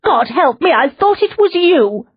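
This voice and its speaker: A fierce young Victorian woman, acted by a woman narrator, crying out in a high, strained, breaking voice. Her tone is breathy and husky, and the recording sounds a little dull and dry. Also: normal speed, dry recording. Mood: distraught. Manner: high, breaking, desperate cries. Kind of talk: audiobook character voice.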